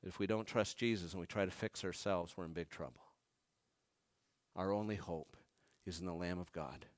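A pastor preaching a sermon, who moves from soft, slow scripture reading to raised, urgent appeals to the congregation. He has been sick this week. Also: lowish voice, dry recording, studio quality. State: recovering from illness this week.

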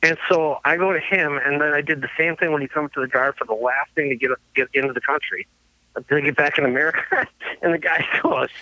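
A man's voice: on the high side, fairly quick, no room sound. Laughing man telling road stories. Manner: laughing, swearing, animated anecdotes. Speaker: guest musician. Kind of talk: casual storytelling. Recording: dull lo-fi sound, dry.

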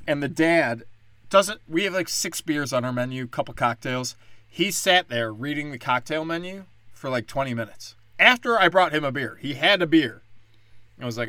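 A young man with a bright, forward voice tells long, profane stories in a loose, rambling way. His sound is dry and close to the mic. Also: medium pitch, no echo. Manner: profane, rambling, animated storytelling. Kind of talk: casual storytelling rant.

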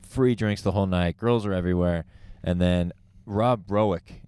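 A man with a low voice tells a rambling, profane story on a casual comedy podcast. He trips over his words and restarts often, with the loose energy of friends chatting. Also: normal speed, dark tone, clear, resonant tone, no room sound, clean studio sound. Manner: rambling storyteller, swears a lot, many restarts. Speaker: podcast co-host.

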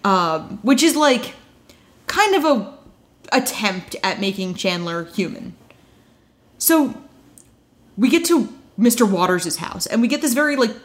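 A woman co-hosting a podcast, recapping a TV episode in casual chat with wry asides. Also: mid-range voice. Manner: chatty, wry asides, quick quoted voices.

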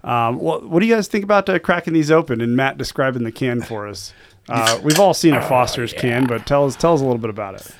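A man's voice: mid-range voice, expressive, quick pace, background noise. Rambling, chuckling male podcast host. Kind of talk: casual beer podcast chat.

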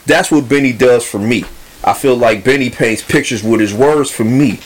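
A man's voice: medium pitch, moderate pace. A man co-hosting a casual hip hop podcast, rambling a little with fillers and restarts. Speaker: podcast co-host.

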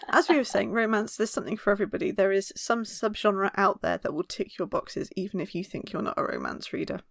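A woman talks casually as a podcast co-host. She is chatty and laughs often, and she tells stories with animated energy. Her voice sits at a middle pitch, and the recording is dry and close. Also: quick pace, vocal fry, no echo. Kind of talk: casual chat.

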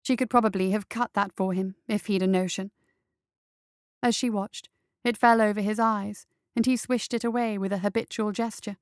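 A woman narrating a story in a steady, even storytelling manner. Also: medium pitch, moderate pace, dry recording, studio quality. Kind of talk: audiobook narration.

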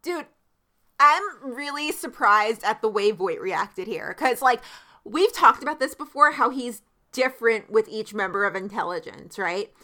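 A woman's voice: a little high, expressive, unhurried, sharp tone. A young woman co-hosting a podcast, reacting emotionally and gushing in a casual recap chat. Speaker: podcast co-host.

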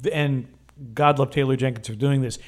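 A man's voice: medium pitch, steady tone, brisk. A man from Wisconsin co-hosting a podcast in casual chat, often stammering over restarts and chuckling. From Wisconsin, USA. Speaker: podcast co-host, TV sportscaster.

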